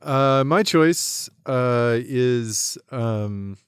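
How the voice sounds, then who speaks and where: A man's voice: mid-range voice, very slow, clear, resonant tone, dry recording, clean studio sound. A man co-hosting a podcast, laid-back and agreeable in casual chat. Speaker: podcast co-host.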